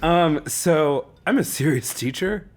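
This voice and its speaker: A man's voice: a little high, lively intonation, takes it slowly, noisy background. A man co-hosting a podcast who works as a speech teacher, talking in a loose, rambling way and laughing often. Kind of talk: casual chat.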